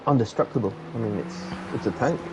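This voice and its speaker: A man's voice: fast, slight background noise, poor audio. A man co-commentating a sim race in casual chat, making dry quips. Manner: dry quips, swings up in pitch when excited.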